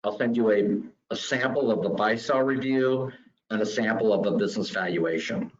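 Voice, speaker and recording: A man's voice: fairly low pitch, normal speed. Man explaining insurance in a webinar. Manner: explanatory, steady. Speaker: guest insurance expert, regional vice president. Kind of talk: answering questions in a webinar. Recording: dull lo-fi call audio.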